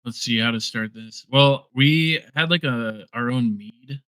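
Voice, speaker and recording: A man's voice: medium pitch, a little slow, pushed and bright, clear, resonant tone, no room sound. A man who is a musician guest on a podcast, recounting a story in laid-back casual chat with many hesitant fillers.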